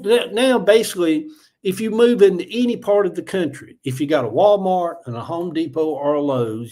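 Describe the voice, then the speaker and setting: A middle-aged livestream host, 40s or older, speaks with a Southern accent from Georgia as he rambles casually in a folksy manner and reads comments from viewers. His voice sits on the high side with a darkish tone.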